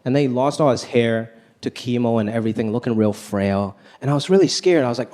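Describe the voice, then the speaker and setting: Warm-toned and mid-range, this comedian's voice moves a little fast with hardly any pauses as he performs stand-up on a live stage. He's animated, imitates voices in quotes, and the crowd laughs amid faint noise.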